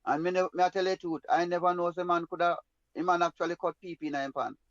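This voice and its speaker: A man's voice: sits high, steady tone, fast talker, no echo, muffled recording. A man with a Jamaican accent telling a personal story in an emphatic, rambling way in patois. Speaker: guest storyteller.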